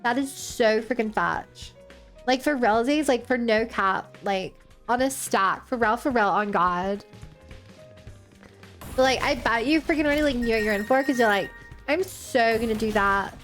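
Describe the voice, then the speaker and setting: A woman's voice: high voice, a bit bright, faint music behind. A woman putting on a young valley girl voice, piling up slang and fillers. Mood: gushing. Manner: filler-heavy slang, drawn-out phrases.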